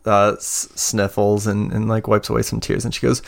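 A man narrating a tabletop game as game master, relaxed and hesitant. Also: on the low side, normal speed, vocal fry, hardly any pauses. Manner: relaxed, hesitant, many fillers.

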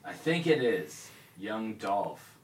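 Low-voiced guy, unhurried, mumbly casual banter. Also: big pitch swings. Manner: mumbling, trailing off, laughing at himself. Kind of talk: casual chat.

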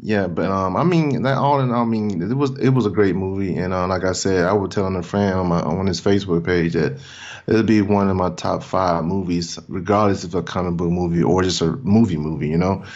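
A man's voice: sits low, fairly even intonation, a little fast, darkish tone. A laid-back man in casual movie talk, tossing in "man" at the end of his sentences. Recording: dull lo-fi sound.

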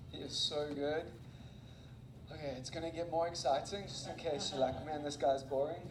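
A man with a notably high voice delivers an energetic sermon, mixing stories with jokes at his own expense. His words ring around a roomy, echoing church hall. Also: normal speed, a crowd in the background. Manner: animated, self-mocking, laughs often. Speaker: guest preacher and missionary. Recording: echoey room.

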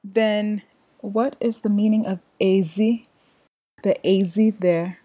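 Slow-speaking woman podcast host. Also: medium pitch, fairly even intonation, mellow, breathy edge, dry recording. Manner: unhurried, asks questions as a learner. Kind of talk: podcast lesson chat.

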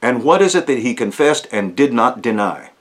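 A man teaching through a Bible passage, earnest and emphatic, slowing down to stress key phrases. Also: medium pitch, very animated. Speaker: pastor.

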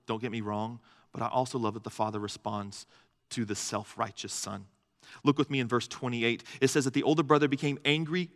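In a church hall, a male pastor delivers a sermon in a mid-range, fairly bright voice. He's earnest and emphatic, stacking up lists of phrases until they peak, and the big hall leaves a long reverb trailing behind him.

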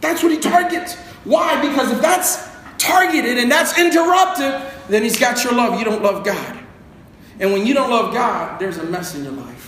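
A man with an extremely high, bright, forceful voice preaches at a moderate pace with lively intonation. He jokes conversationally and has the congregation repeat words after him. The room is very echoey, with faint background noise.

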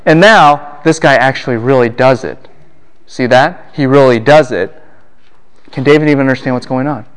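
A man's voice: moderate pace, clear, resonant tone. A man giving a university lecture on a Bible passage, firing questions at his class and answering them himself, and acting out the lines he quotes. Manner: acts out the quoted lines with big jumps in pitch and volume.

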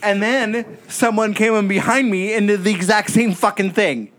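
A man's voice: high-pitched, a bit bright. A man telling a rambling story as a guest in a casual podcast chat. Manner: rambling storyteller, quick bursts.

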